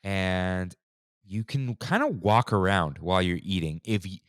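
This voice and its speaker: A laid-back man in his thirties chats easily as a podcast host, full of slang. His voice sits low but swings widely in pitch, and the recording is close and dry. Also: lively intonation, measured pace, a bit bright, dry recording. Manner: laid-back, slangy, says "dude" and "like" often. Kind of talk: casual chat.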